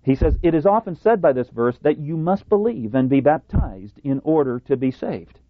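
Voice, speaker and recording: A male preacher delivers a sermon in a deliberate, emphatic way, leaning into a word now and then with a sarcastic edge. The recording is thin and phone-like, with a dry, close sound. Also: on the high side, animated, dry recording.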